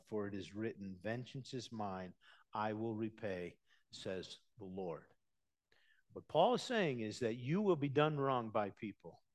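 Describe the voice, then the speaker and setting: A man preaching a sermon, talking conversationally and swinging between hushed, low passages and emphatic, raised ones. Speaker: pastor.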